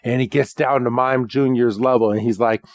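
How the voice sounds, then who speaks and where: A man co-hosting a podcast, giving a casual, animated recap and laughing often. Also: mid-range voice, moderate pace, dry recording. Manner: animated retelling with frequent laughter. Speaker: podcast co-host.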